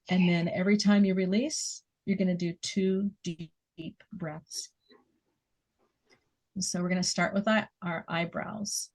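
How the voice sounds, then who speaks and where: A woman leading a guided muscle relaxation exercise, giving gentle step-by-step instructions and counting down. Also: on the low side, steady tone. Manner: slow, soothing instructions with soft laughs.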